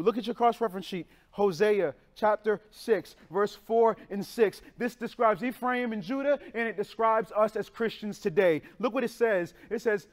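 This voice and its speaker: Using slang and a casual tone, this young man delivers a sermon as a pastor; his high voice jumps rapidly from loud outbursts to quiet, hushed phrases.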